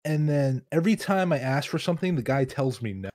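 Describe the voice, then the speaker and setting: A man's voice: a little high, lively intonation, a little fast, a little mellow, dry recording. A young man casually telling a rambling story among friends, swearing freely. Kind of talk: casual chat.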